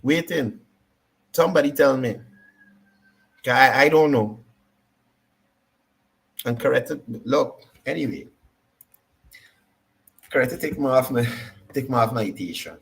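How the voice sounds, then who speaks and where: A man's voice: medium pitch, animated, unhurried, vocal fry, pauses often, breathy edge. A man with a Guyanese accent hosting a political talk show, combative and repeating his points for emphasis. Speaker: political commentary host.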